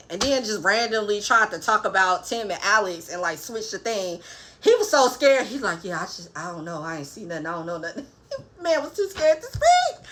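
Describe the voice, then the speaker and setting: A young woman with a bright, somewhat high voice recaps a dating show in a sassy, animated way. She drops into quick asides and imitates the people on screen, often breaking into laughter. The delivery is loose and conversational, like talking to friends. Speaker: reality TV reviewer. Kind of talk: casual recap commentary.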